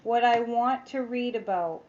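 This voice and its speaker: A woman's voice: fairly high pitch, unhurried, darkish tone, lo-fi sound. A woman psychic chatting casually on a livestream, rambling, reading viewer comments aloud and making sarcastic asides. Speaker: psychic tarot reader.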